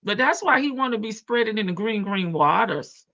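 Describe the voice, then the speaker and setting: A woman's voice: mid-range voice, expressive, normal speed, fairly bright tone, highs cut off. A woman with a country Southern drawl hosting a casual livestream, chatting, laughing and reading viewer comments. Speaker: livestream reaction host.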